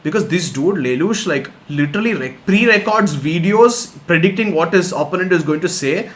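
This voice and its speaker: A young man hosting a casual podcast chat, animated and swearing as he acts out stories. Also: on the high side, moderate pace. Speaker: podcast host.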